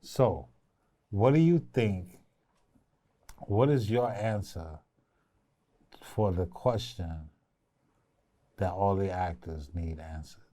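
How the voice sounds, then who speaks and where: A man's voice: lowish voice, lively intonation, takes it slowly, long pauses, darkish tone, no echo. A man coaching a young actress in a casual interview, playful and teasing, sometimes breaking into song. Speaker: acting coach.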